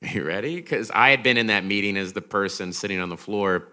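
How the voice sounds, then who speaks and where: A man telling animated stories as a guest on a live podcast, acting out what people said. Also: lowish voice, brisk, clear, resonant tone. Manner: animated, jumpy, acts out quotes. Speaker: guest comedian. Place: live stage in front of an audience.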